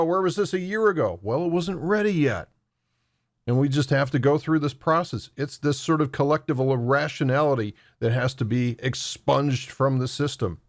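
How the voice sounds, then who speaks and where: Male market commentator, mid-pitched, chatty and animated, dry close recording. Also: dry recording. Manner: conversational, animated, acts out traders' voices. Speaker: crypto market analyst. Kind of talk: market commentary over charts.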